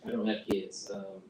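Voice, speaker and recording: A man doing a crude stand-up comedy set at a home open mic, with an animated delivery and squeaky put-on voices. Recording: echoey room from far off, noisy.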